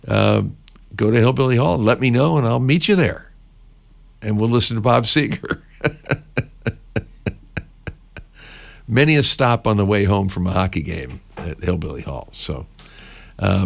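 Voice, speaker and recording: Gravelly, rambling radio host man. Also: lowish voice. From New Jersey. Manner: rambling, chatty, many fillers and restarts. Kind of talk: casual radio chat between songs.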